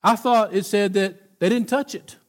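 Pastor, man, high voice, chatty emphatic sermon, stumbles and restarts. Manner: conversational and emphatic, with halting restarts.

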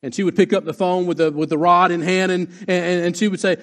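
A pastor delivering a sermon in a somewhat high voice. He is emphatic and restates his main points at a slower, deliberate pace. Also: fairly even intonation, fairly bright tone. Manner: emphatic, repeats key lines slowly.

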